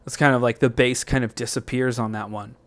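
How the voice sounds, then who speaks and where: A man's voice: medium pitch, steady tone, a little fast, soft background music. Rambling man explaining synth settings. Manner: loose and thinking aloud, with many fillers and restarts. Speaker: music tutorial host. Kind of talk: rambling software tutorial.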